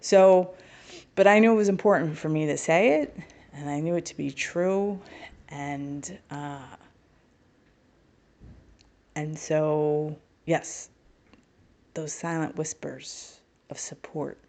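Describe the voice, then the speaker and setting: A woman's voice: sits low, slow, pauses often, a little mellow. A middle-aged woman telling a personal story as a podcast guest, candid and wry, with self-mocking humor. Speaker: podcast guest, spiritual healer.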